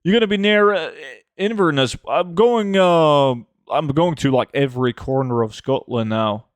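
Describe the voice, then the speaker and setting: A man, streaming a game and chatting casually with viewers, relaxed and full of fillers. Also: a little high, normal speed, no echo. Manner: relaxed, answers chat with many fillers. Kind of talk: casual live-stream chat.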